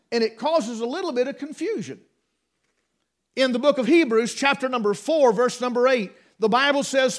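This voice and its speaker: A man preaching a sermon, emphatic, with restarts and rhetorical questions to the congregation. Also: very high-pitched.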